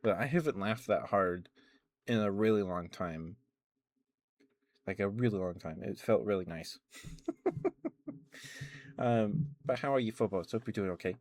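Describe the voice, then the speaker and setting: A man's voice: lowish voice, measured pace, pauses often, a little mellow. A man telling a long dream story on an ASMR stream, rambling, laughing often and greeting his chat on a close mic. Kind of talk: soft-spoken chatty storytelling stream.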